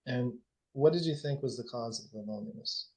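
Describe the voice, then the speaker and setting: Guy running a coaching workshop, goes quiet and slow when guiding, blunt, swears a lot. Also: medium pitch. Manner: drops to a soft, slow, hushed voice when guiding reflection. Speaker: workshop leader and life coach. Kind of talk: guided group coaching session.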